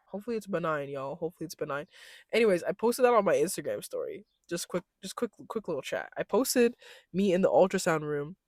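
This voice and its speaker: Expressive young woman, slangy storytime chatter. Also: fairly low pitch, a little fast, dry recording, studio quality. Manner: animated, swings into loud mock voices when quoting people; slangy, expressive, laughs often. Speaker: vlogger. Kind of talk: casual storytime chat.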